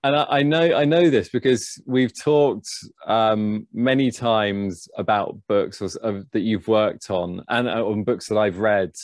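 A man's voice: lowish voice, unhurried, no room sound, clean studio sound. A man hosting a livestream interview, hesitant and restarting his sentences often. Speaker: host.

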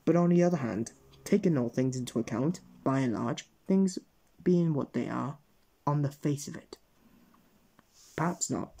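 Guy doing a wordy old wizard, rambles on all polite and fussy, mellow husky voice. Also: mid-range voice, animated, normal speed, pauses often. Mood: rambling. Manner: rambling, hesitant, overly polite.

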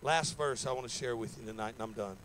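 A man's voice: mid-range voice, fast talker, fairly bright tone, slight background noise, low-quality recording. A man preaching a sermon in a folksy, repetitive way, acting out little stories in quoted voices. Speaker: pastor. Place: church sanctuary.

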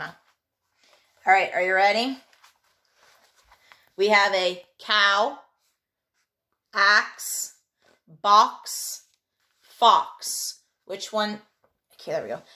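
Slow, bright-voiced woman teacher. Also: medium pitch. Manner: slow, clear, encouraging, drawn-out vowel sounds. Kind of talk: remote early-grade phonics and handwriting lesson.

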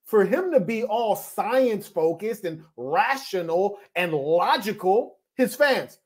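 A man hosting a podcast, giving scornful, lecturing reaction commentary with sharp swings in pitch and loudness, and reading listener messages. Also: expressive, a little slow, few pauses. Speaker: podcast host.

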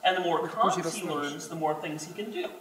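Brief: high, animated male storyteller at a convention talk, distant mic in a roomy hall. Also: fairly quick. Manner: storytelling, joking, expressive. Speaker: game designer speaking at a fan convention. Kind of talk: animated talk to a live audience.

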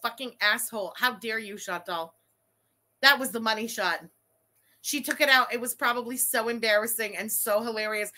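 A woman hosting a live stream, reacting to a video with excited, profane outbursts and frequent laughter. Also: on the high side, moderate pace.

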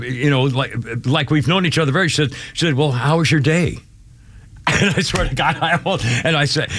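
A man in his seventies hosting a talk radio show, telling a story in a rambling, halting way with many restarts. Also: on the high side, sharp tone. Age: 70s. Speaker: radio host. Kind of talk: casual radio chat.

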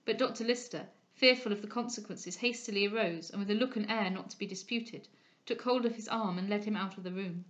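Here a female audiobook narrator gives a classic novel a measured, expressive reading at medium pitch. The audio has a dull, lo-fi quality.

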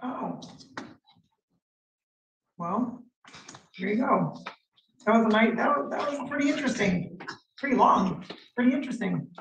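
A woman's voice: fairly high pitch, animated, unhurried, gravelly, long pauses, slight background noise. Distant woman judge in an echoey room. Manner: brief, matter-of-fact remarks. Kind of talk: courtroom questioning.

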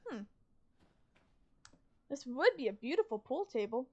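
A woman streamer talks her way through a game in casual running commentary. Her voice sits a little high, and her self-talk is chatty, wry and sarcastic. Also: sing-song, measured pace, long pauses, dark tone, muffled recording.

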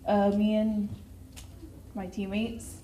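A woman's voice: mid-range voice, little pitch movement, takes it slowly, mellow, slight background noise. A teenage girl with a Texan accent, a cheer captain giving a nervous, tearful thank-you speech. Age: teens. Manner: nervous, tearful, laughing between words. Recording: echoey room.

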